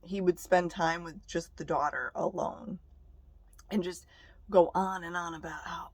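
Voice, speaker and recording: A woman's voice: lowish voice, normal speed, breathy edge. A young woman vlogger telling stories to the camera in a blunt, profane, casual way. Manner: blunt and profane, laughing between remarks.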